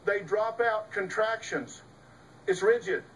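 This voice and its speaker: Man, middle-aged, lecturing host, folksy and emphatic, fairly high voice, heard from a distance. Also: slow pace, fairly bright tone, a little hiss or hum. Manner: emphatic, folksy, rhetorical questions. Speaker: talk show host and psychologist. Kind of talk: lecture to a live audience.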